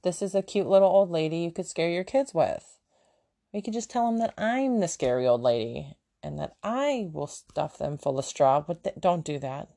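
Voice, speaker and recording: A woman's voice: lowish voice, expressive, moderate pace, creaky, warm tone. A woman in her thirties hosting a casual solo podcast at home, chatty and self-mocking, her mouth sore and her words a little slurred. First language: German. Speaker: podcast host. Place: home room with kids nearby.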